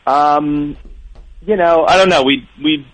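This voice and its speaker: A man from Philadelphia calling in to a radio show, talking in a hesitant, stammering, low-key way. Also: slow pace, dry recording, poor audio. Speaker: caller. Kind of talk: phone call-in chat.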